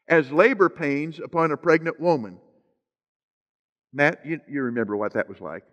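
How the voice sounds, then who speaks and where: A man's voice: fairly high pitch, expressive, moderate pace. A man preaching a sermon as pastor, stretching out scripture phrases for emphasis and slipping in joking asides to the congregation. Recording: long hall reverb.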